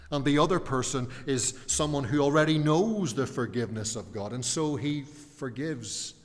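A man preaching a sermon, explaining a passage earnestly and putting questions to his listeners. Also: medium pitch. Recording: reverberant hall.

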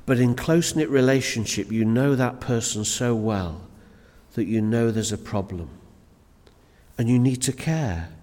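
Earnest preacher in a reverberant hall. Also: male voice, medium pitch, measured pace, a little mellow. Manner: earnest, emphatic, repeats words as he builds points. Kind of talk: sermon.

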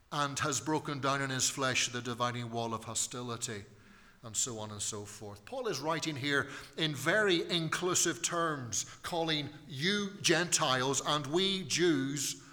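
A man's voice: medium pitch, sharp tone, big-room sound. A man preaching a sermon in church, emphatic and repeating key phrases for weight.

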